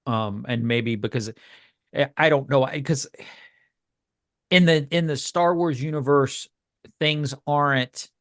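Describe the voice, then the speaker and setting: A man's voice: medium pitch, dry recording. Rambling man with a dry, close sound. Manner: rambling, hesitant, many fillers and restarts. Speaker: podcast co-host. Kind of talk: casual review chat.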